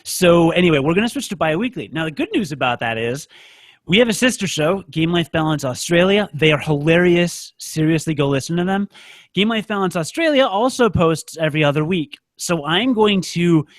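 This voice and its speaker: Rambling, higher-voiced man on a podcast. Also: lively intonation, a little fast, dry recording, clean studio sound. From United States. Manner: rambling, self-mocking, joking. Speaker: podcast co-host. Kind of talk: casual podcast chat.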